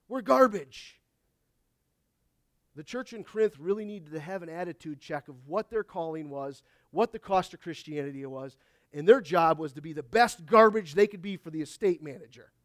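High-voiced man preaching a sermon. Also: dry recording, studio quality. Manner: conversational preaching, often asking the congregation "Amen?"; reads scripture aloud in old biblical wording. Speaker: pastor. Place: church service.

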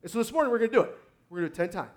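A male preacher delivering a sermon in church, his voice sitting a little high for a man. He tells stories, reads scripture slowly and pushes his listeners with emphatic, rising calls to praise. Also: animated. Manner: emphatic, rising to loud exhortation.

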